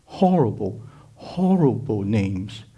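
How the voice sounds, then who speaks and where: A man's voice: lowish voice, big pitch swings, takes it slowly, mellow, breathy edge. A man giving a sermon at a conference, preaching emphatically with repetition and rhetorical questions. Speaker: speaker at a conference.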